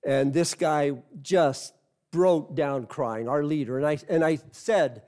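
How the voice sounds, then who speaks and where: Missionary guy preaching slow and earnest, kinda high voice, repeats himself for emphasis. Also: a little mellow. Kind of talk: sermon with storytelling.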